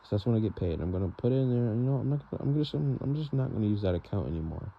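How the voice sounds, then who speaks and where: A young man vents in a rambling, frustrated monologue, leaning on fillers and "bro". His voice sits low with a gravelly, creaky edge. The recording is dull and lo-fi, with faint hiss underneath. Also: animated, racing. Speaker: vlogger. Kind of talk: venting monologue. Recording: dull lo-fi sound with faint noise.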